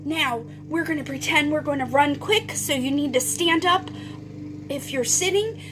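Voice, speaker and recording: A woman's voice: high-pitched, moderate pace, fairly bright tone, slight background noise. A woman teacher leading a phonics lesson for young children, reading a storybook aloud in a sing-song way with whispered parts.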